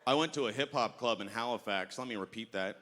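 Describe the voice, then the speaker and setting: A man telling an animated stand-up story, acting out the other voices as he goes. His voice is bright and forward. It carries a long reverb from the hall. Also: mid-range voice, fast. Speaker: stand-up comedian. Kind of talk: stand-up routine. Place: comedy festival stage.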